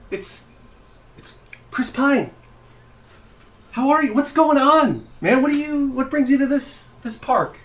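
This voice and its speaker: A man's voice: extremely high pitch, fairly bright tone, reverberant, far from the mic, exaggerated voice, low-quality recording. A man playing a stammering anxious park dad. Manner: stammering, awkward, overeager. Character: socially anxious park dad posing as a celebrity. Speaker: father at a playground. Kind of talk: comic monologue.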